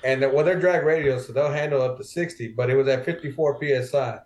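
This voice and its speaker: A man chatting casually on a podcast, his voice sitting at an ordinary middle pitch. He tells stories in a loose, profane, animated way, full of swearing. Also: quick pace, slight background noise. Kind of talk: casual storytelling chat.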